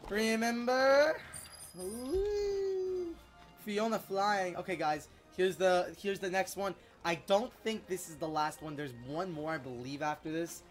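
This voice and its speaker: A gameplay YouTuber giving casual let's-play commentary in an excitable, chatty way, quick to exclaim. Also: medium pitch, soft background music.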